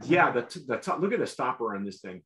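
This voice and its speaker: A man hosting a casual tasting show, talking in a rambling, halting way with lots of restarts. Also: mid-range voice, very animated, fairly bright tone. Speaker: show host.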